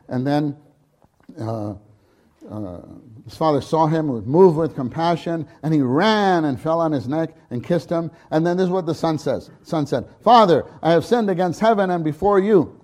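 A man delivers a sermon with a slightly high voice, acting out quoted lines in loud, lifted bursts. His delivery is animated, with frequent restarts and repeated words between the quotes. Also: measured pace. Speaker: preacher. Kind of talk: sermon on scripture.

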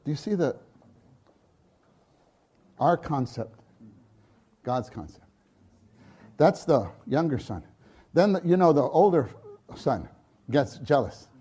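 Animated man preaching a sermon. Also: slow, long pauses, husky. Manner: animated, acts out quotes with loud high bursts; frequent restarts and repeated words. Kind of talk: sermon on scripture.

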